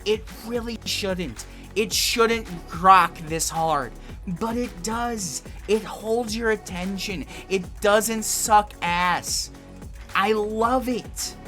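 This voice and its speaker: A man reviewing a video game in a casual, excitable way, swearing a lot and rambling. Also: high-pitched, slow, faint music behind.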